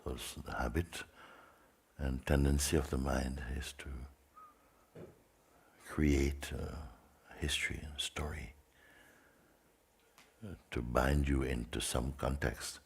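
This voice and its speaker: A man as a spiritual teacher leading a guided meditation in slow, sparse phrases with long pauses. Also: extremely low pitch, steady tone, creaky, husky.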